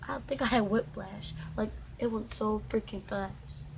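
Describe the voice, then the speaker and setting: A young woman vlogger telling a storytime in casual, slangy, animated chat. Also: medium pitch, measured pace, vocal fry, noisy background.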